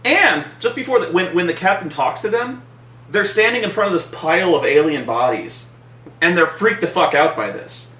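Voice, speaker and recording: Man, profane comic film critic, bright and animated, echoey room, set back from the mic. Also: sits high, normal speed, far from the mic. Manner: profane, animated, acts out scenes in mock voices. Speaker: movie reviewer. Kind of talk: casual comedic movie review chat.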